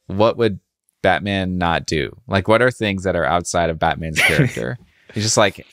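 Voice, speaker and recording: Low-voiced, rambling male podcast co-host. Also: a bit bright, no room sound, studio quality. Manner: rambling, halting restarts, amused. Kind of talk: casual comic chat.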